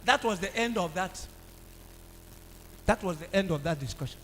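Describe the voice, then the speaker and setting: A Nigerian man preaching a sermon, calling out for the congregation to answer and swinging from low talk to shouts. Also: expressive, normal speed. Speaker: pastor. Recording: reverberant hall with faint hum.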